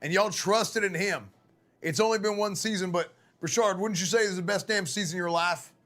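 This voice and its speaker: A hoarse man giving a loud, profane mock locker-room pep talk as coach on a live gaming stream. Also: high voice, a little fast. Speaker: streamer playing a football coach.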